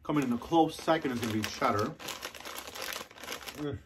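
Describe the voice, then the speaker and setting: A man's voice: mid-range voice, moderate pace, background noise. Chatty man tasting snacks on camera. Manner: chatty, savoring, loud mm and oh yeah sounds while chewing. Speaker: food reviewer. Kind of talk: casual unboxing and taste review.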